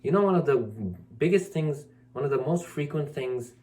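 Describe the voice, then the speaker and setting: In a mellow voice with lively intonation, a man speaking as a spiritual teacher lectures the camera at a moderate pace. His monologue is emphatic and scolding, hammering his points again and again while he mimics excuses in a whiny, high-pitched tone.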